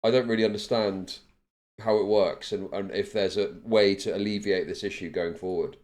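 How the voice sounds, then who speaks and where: A man's voice: fairly low pitch, steady tone, normal speed, darkish tone. A man giving blunt, profane live-stream commentary on news clips, laughing often.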